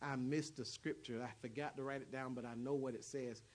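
A man pastor preaching a sermon, reading scripture aloud with loud, emphatic bursts between quieter asides. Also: mid-range voice, steady tone, brisk.

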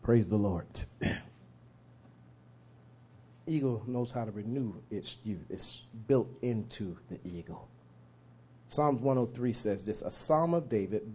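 A man preaching a sermon, telling a story with fervor and swelling to shouts. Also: medium pitch, very animated, unhurried, breathy edge.

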